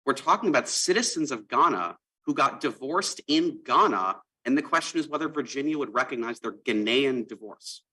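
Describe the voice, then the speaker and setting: A man's voice: mid-range voice, lively intonation, normal speed, hardly any pauses, bright, forceful tone, breathy edge, low-quality recording. A man from Wisconsin questioning a lawyer as a judge in court, pressing argumentative points in a courtroom livestream. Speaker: appellate judge.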